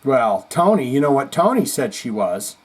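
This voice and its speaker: A man's voice: mid-range voice, sing-song, normal speed, low-quality recording. Chatty man reading viewer comments. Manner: chatty, rambling asides. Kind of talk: casual chat.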